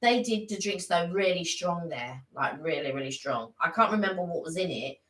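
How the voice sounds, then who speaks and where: A woman's voice: lowish voice, normal speed, distant mic. A woman co-hosting a live stream in casual, chatty talk. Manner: chatty, animated, teasing. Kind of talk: casual chat. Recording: echoey room, a little off mic.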